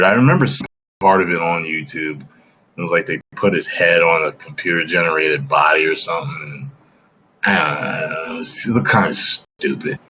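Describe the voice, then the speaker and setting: A man with a very deep, low voice chats on a livestream. He talks emphatically, keeps checking in with "okay?", and sounds dull and lo-fi. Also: bright, forceful tone, slight background noise. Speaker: livestream host. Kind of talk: casual livestream chat.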